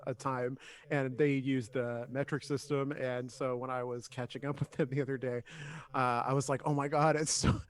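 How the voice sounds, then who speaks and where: A man co-hosting a casual podcast, talking at an ordinary middle pitch. He rambles, restarts his sentences and swears freely as he chats with his guests. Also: level tone, normal speed, clean tone. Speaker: podcast co-host. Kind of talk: casual chat.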